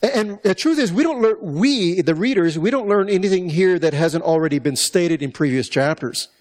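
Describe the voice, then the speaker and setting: A man's voice: high voice, lively intonation, moderate pace, darkish tone. A man preaching a conversational Bible-teaching sermon, reading verses and asking the listeners questions. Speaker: pastor.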